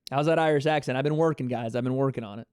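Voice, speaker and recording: A man hosting a live fight reaction stream, excitable and chatty, talking to his chat viewers. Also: medium pitch, racing, smooth, no room sound, studio quality. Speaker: livestream host.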